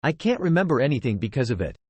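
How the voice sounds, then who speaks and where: A man's voice: mid-range voice, sing-song, a little mellow, breathy edge, dry recording. A man voicing a stammering, sly young man. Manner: stammering, halting. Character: young man feigning memory loss, hesitant and sly.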